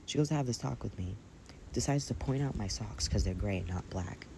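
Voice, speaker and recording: Low-voiced man ranting over loud noise. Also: vocal fry. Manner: aggravated, swears freely, fast run-on telling. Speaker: storyteller recounting a restaurant job. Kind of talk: casual storytime rant.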